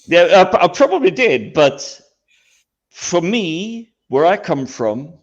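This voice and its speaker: A man from Scandinavia chatting casually on a panel, animated and stumbling over his words as he tells anecdotes. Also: sits high, takes it slowly. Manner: animated, stammering restarts, laughs while talking. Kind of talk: casual chat. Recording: dull lo-fi audio.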